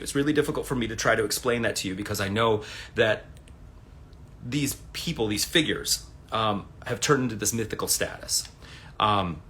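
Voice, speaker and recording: A man in his forties talking casually at home on a livestream, rambling and swearing as he tells stories. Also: medium pitch. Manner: rambling, profane, animated storytelling. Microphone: phone.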